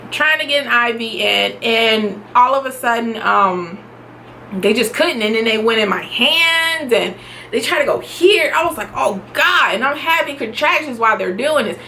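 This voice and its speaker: Young woman, high bright voice, animated casual vlog storytelling, faint hiss behind. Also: moderate pace. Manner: animated, laughs often, acts out her own shouts. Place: home.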